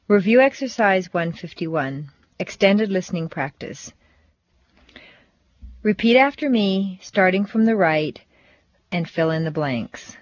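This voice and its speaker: A woman leading a pronunciation lesson, reading drill words slowly with careful, clipped articulation. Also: on the low side, animated, dry recording, lo-fi sound. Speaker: pronunciation instructor. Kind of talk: slow, deliberate language drill reading.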